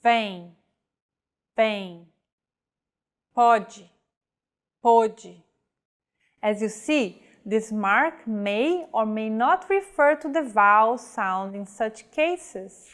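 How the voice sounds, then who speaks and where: Slow, careful woman teaching pronunciation. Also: fairly high pitch, animated, a bit bright. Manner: careful, deliberate enunciation of example words. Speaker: language teacher. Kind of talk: slow scripted pronunciation lesson.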